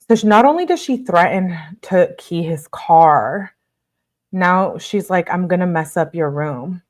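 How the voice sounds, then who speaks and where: A woman's voice: lowish voice, expressive, measured pace. A young adult woman reading text messages aloud in a casual commentary, with blunt asides.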